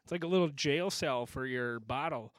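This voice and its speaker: A man from Michigan hosting a casual beer podcast in his basement bar, loud and swearing, laughing often. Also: mid-range voice, moderate pace, no echo. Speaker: podcast host. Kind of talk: casual chat over beers.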